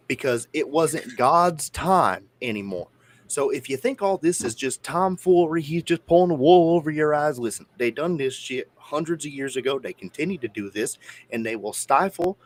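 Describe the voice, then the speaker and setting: A man from near the Georgia-Tennessee border with a Southern accent, co-hosting a casual podcast chat with rambling, profane, jokey storytelling. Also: fairly high pitch. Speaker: podcast co-host.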